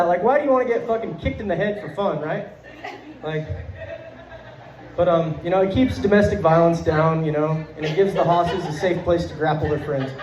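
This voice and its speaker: On a comedy club stage in front of a live crowd, a young man works a handheld mic through a profane, wandering stand-up set, laughing through his jokes and leaning on fillers. His voice sits high with a slightly mellow quality, captured in a dull, roomy club recording.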